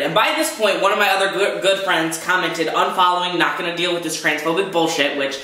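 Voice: mid-range voice, brisk, hardly any pauses, bright, forceful tone. A young adult vlogger from the United States, venting in an angry rant with frustrated outbursts and swearing. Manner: frustrated, swearing, talks in bursts. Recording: very echoey room.

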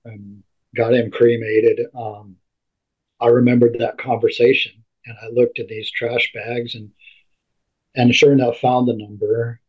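Husky-voiced man telling a story haltingly. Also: medium pitch. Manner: halting, repeats and restarts words often. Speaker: interview guest. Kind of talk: emotional personal storytelling. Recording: dull lo-fi recording.

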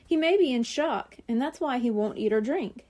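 A woman voicing a kind male veterinarian who speaks calmly and reassuringly. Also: a little high, normal speed. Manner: calm, reassuring.

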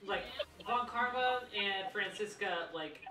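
A woman's voice: medium pitch, slow, heavy background noise. Distant echoey woman on voice chat. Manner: blunt and excitable, swears when annoyed. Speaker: streamer co-player. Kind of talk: casual gaming chat. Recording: roomy, distant voice-chat sound.

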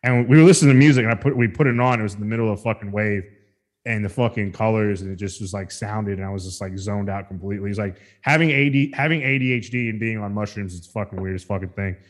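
A man's voice: on the low side, quick pace. A man hosting a podcast, telling a story in casual chat, rambling and profane, with many restarts. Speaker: podcast host.

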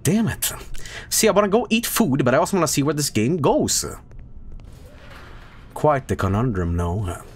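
A man's voice: on the high side, normal speed, pauses often. Jokey guy streaming a horror game, voice jumps all over, light hiss. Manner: animated, jokey, breaks into silly sung bits. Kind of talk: casual gameplay commentary.

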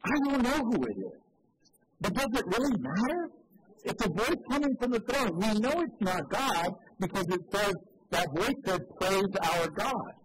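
Animated high-voiced male Bible teacher. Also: normal speed, a little hiss or hum, poor audio. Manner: animated, bursts into exclamations.

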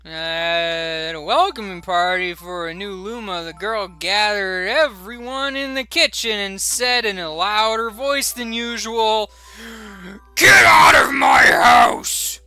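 A man's voice: high-pitched, measured pace, few pauses, sharp tone, soft background music. A man streaming a video game, reading the story text aloud with playful jokes and asides.

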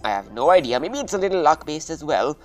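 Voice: medium pitch, sing-song, fast talker, darkish tone, faint music behind. A gaming video creator giving casual gameplay commentary in a rambling, playful way and hyping themselves up.

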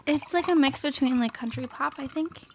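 A chatty woman co-hosting a podcast with a strikingly high voice. She jokes, loses her words and trails off, all in loose casual talk. A faint hiss sits under her voice. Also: brisk, a little mellow. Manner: chatty, jokey, trails off mid-sentence. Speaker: podcast co-host. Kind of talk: casual chat.

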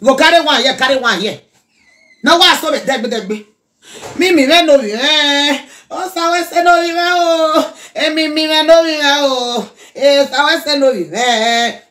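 A woman with a Nigerian accent giving an animated reaction rant in Pidgin, now and then breaking into song. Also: high-pitched, unhurried. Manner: animated, preachy, mixes Pidgin and local language, breaks into song.

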